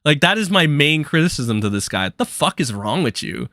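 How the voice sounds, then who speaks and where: A man's voice: fairly high pitch, big pitch swings, fairly quick, bright, forceful tone, dry recording, studio quality. A young man hosting a live stream, delivering angry, profane commentary.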